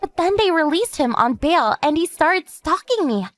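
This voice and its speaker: Woman voicing a composed, high-voiced older sister. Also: very animated, no room sound, soft background music. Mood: steady. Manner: measured, explanatory storytelling. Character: calm woman warning her sister about a stalker ex. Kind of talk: animated story narration.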